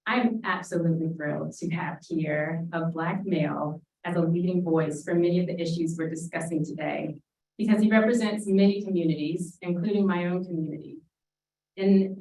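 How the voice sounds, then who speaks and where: A woman reading a prepared introduction for a keynote speaker in a measured, formal way. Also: lowish voice, darkish tone. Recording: roomy sound, mic at a distance.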